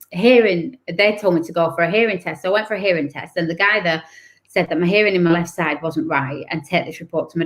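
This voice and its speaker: A woman, a guest author telling her personal story in an interview, candid and emotional with many restarts. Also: fairly low pitch.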